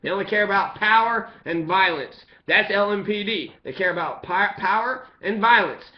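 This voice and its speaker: A man's voice: high voice, lively intonation, moderate pace. A man in an angry, profane, repetitive rant about the police. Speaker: resident speaking out on police. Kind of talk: impassioned ranting monologue. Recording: echoey, dull lo-fi sound.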